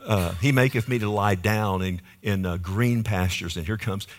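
A man preaching a sermon with rhythmic repetition and frequent calls to the congregation, dropping to hushed phrases and rising to loud emphasis. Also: moderate pace. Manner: swings between low hushed phrases and sudden loud emphasis.

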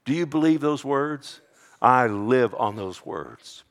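A middle-aged male pastor preaching a sermon, swinging from hushed, drawn-out whispers to loud, emphatic declarations. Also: mid-range voice, animated.

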